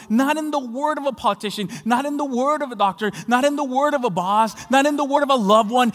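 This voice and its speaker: A man from Latin America preaching a sermon as pastor, building passionately and rising to shouts on key phrases. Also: extremely high pitch, a little fast, few pauses. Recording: long hall reverb.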